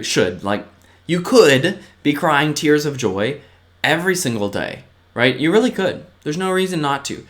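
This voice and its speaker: A man giving a casual, earnest motivational talk to his viewers, often checking in with a quick "right?" and moving between eager bursts and softer, lower asides. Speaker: vlogger.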